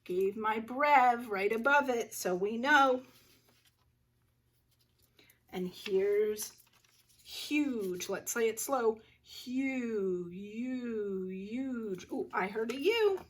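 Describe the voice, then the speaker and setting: A first grade teacher, a woman, leading a phonics lesson for young children and sounding out words slowly, with little gasps of discovery. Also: a little high, animated, far from the mic.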